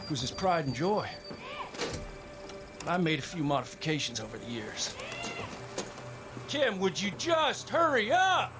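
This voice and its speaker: Rowdy excited pilot in a game, high voice jumping all over, cussing, game music behind. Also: male voice, unhurried, long pauses. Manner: excitable, swearing, boisterous. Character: excitable cocky bush pilot, proud family man. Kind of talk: video game dialogue.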